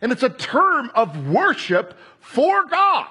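A man preaching a sermon, animated, acting out crowd voices and shouting at times. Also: very high voice, takes it slowly, slightly rough.

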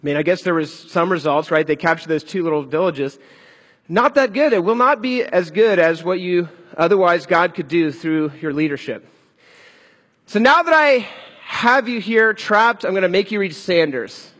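A man preaching a sermon in an animated, conversational way. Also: sits high, normal speed, long reverb tail. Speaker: pastor.

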